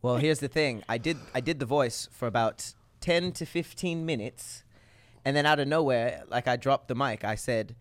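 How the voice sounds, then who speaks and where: A man's voice: mid-range voice, moderate pace, no echo. A man co-hosting a podcast in casual chat, a playful, jokey storyteller. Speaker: podcast co-host.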